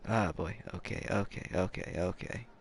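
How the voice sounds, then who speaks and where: Low-pitched and moving at a moderate pace, this man murmurs his way through a late-night gaming session, rambling in a goofy way and teasing himself. He's a game streamer keeping quiet, with game music and slight background noise behind him.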